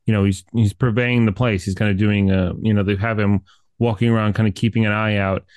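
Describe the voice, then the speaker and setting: Low-voiced rambling man, dry sound. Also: flat delivery, fairly quick, darkish tone, smooth, no room sound. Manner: rambling, many fillers, profane. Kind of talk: casual movie review chat.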